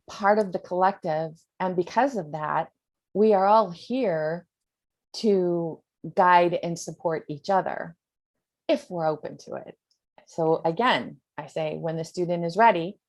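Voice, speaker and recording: A woman's voice: lowish voice, darkish tone. An American woman, a spiritual coach, speaking earnestly and rambling with fillers on a video call. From United States.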